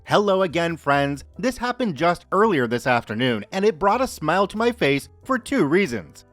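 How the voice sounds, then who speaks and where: A man hosting a story podcast, reading listener posts aloud in a lively, expressive way. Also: on the high side, normal speed, no room sound, faint music behind. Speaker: podcast host reading stories. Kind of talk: narrating Reddit stories.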